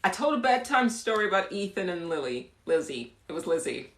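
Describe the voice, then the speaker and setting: A woman hosting a livestream and improvising a bedtime story, chatty and giggly, dropping to a hushed voice for the story. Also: on the low side, big pitch swings, a little fast. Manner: giggly, chatty, breaks into laughter. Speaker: livestream host. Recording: echoey room.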